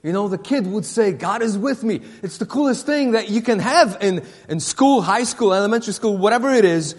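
Pastor guy, high voice, stumbles and repeats himself a lot, church sermon w/ long echo. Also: expressive. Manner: halting, repeats words, many fillers. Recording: long reverb of a hall.

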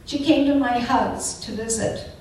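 An older churchgoer shares her faith testimony in an earnest, chatty manner, leaning fervently on the words that matter to her. Her voice is slightly high, somewhat dark in tone, and a little slow. The recording is distant, in a strongly echoing room, with faint hiss beneath.

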